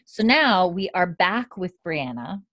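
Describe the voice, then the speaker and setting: A woman with a fairly low voice recaps a TV episode in casual conversation. She keeps quoting the characters' lines in between plenty of fillers. The sound is dry and close. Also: very animated, takes it slowly, fairly bright tone, no room sound. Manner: retells scenes with quoted lines, many fillers and laughs. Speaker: podcast co-host recapping a TV episode.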